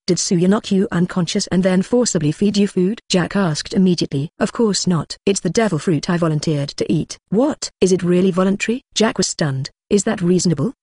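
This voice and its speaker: Dry, even synthetic audiobook narrator. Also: medium pitch, slightly rough, no echo. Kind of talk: flat synthetic audiobook reading.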